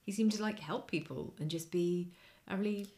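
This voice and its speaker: Woman, middle-aged, animated storyteller, slightly low voice. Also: moderate pace. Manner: animated anecdote-telling, acts out quoted voices. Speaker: podcast co-host. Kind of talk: casual chat, storytelling.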